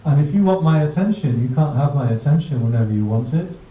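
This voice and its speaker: A man's voice: on the high side, animated, fast, natural voice. A man voicing a strict parent who firmly lays down rules to a growing child. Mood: stern. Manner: firm, lecturing. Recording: dull distant roomy recording.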